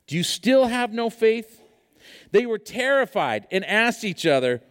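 Lively, high-voiced male pastor. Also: a little slow, long reverb tail. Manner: animated storytelling with many fillers. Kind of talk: sermon.

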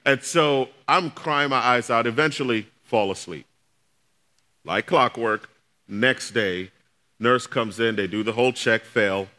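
A man's voice: mid-range voice, unhurried, pushed and bright. A man pastor preaching a sermon, telling a personal story in a conversational way and speaking directly to his congregation.

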